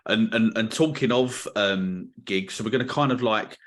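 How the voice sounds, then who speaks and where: Halting low-voiced podcast host. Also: male voice, a bit bright. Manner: halting, many restarts and fillers. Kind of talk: casual interview.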